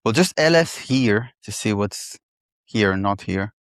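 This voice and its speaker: A man in casual technical chat, pairing on code and thinking aloud with halting restarts. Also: fairly low pitch, expressive, clear, resonant tone, no echo, studio quality.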